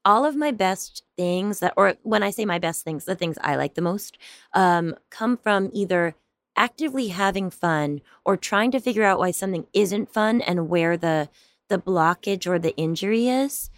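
A young adult woman, an actor and stand-up comedian, chatting in an interview in a rambling way, full of fillers and quick laughs. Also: medium pitch, animated, no echo, clean studio sound. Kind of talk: casual interview chat.

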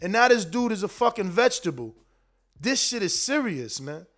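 A man's voice: sits high, big pitch swings, normal speed, fairly bright tone. A man hosting a boxing livestream, ranting in a heated, profane, slangy way straight to his chat. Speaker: boxing commentator, show host. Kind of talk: casual livestream rant.

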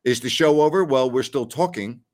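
A man's voice: mid-range voice, brisk. A man in his sixties hosting a sports talk show in a folksy, exclamatory, rambling way. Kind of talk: casual chat.

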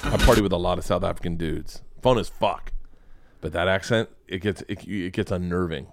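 A man hosting a casual podcast chat, rambling and swearing with excitable energy. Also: low-pitched, a little fast, noisy background. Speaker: podcast host.

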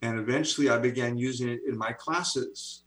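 Telling stories eagerly as an interview guest, this man in his seventies, an author and speaker, speaks over a video call. His voice is mid-range and moderately paced, captured in a low-quality recording.

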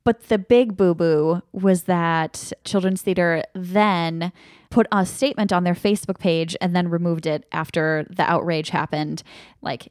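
A woman's voice: fairly low pitch, fairly even intonation, unhurried, darkish tone, no echo, studio quality. A woman co-hosting a podcast in casual, playful chat. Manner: chatty, playful and laughing. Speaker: podcast co-host.

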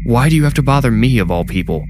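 A man voicing a gruff, stubborn male night janitor who talks bluntly and firmly. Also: medium pitch, expressive, fast talker, background noise, voice pushed up, lightly acted.

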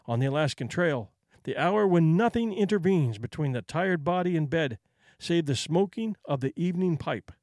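A man narrating a short story with a measured, expressive delivery in a dry recording. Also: a little high, no room sound.

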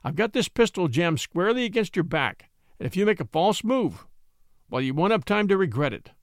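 A man voicing a cool, cunning young attorney in a story reading, smooth and commanding. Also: high-pitched, big pitch swings, a little fast, no echo, clean studio sound. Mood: stern. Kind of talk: audiobook character voice.

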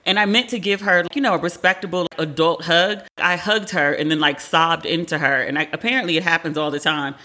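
A woman's voice: lowish voice, fairly quick, hardly any pauses, pushed and bright. A woman in her forties hosting a casual pop culture podcast, talking candidly, swearing freely and acting out quotes. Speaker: podcast host.

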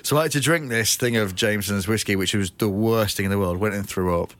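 A man, a comedian guest telling lively anecdotes on a podcast with many restarts and acted-out quotes. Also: on the low side, fast talker. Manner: animated, lots of restarts and voiced quotes.

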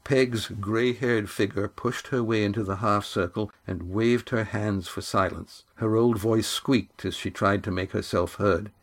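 A man reading a chapter of a novel aloud as narrator, in a measured, unhurried way. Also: lowish voice, steady tone. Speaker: audiobook narrator. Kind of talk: scripted narration.

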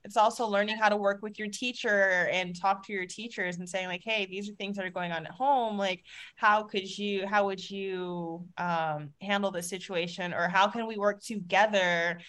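A woman with a medium-pitched voice speaks at a normal pace, chatting casually about parenting as a podcast co-host and parent. She's talkative and uses lots of fillers, retelling events in an animated way.

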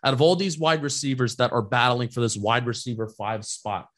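A man co-hosting a sports podcast, giving steady, agreeable analysis in casual talk. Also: medium pitch, brisk.

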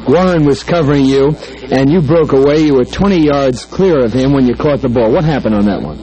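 Mellow-voiced male sports reporter. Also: medium pitch, a little fast, low-quality recording. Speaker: sideline reporter. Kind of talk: post-game interview.

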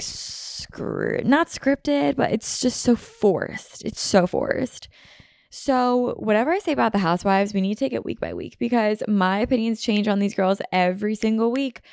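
Chatty young woman vlogger, gravelly tone. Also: medium pitch, darkish tone, no room sound, clean studio sound. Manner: chatty, frequent "like" fillers, emphatic. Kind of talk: casual opinion chat.

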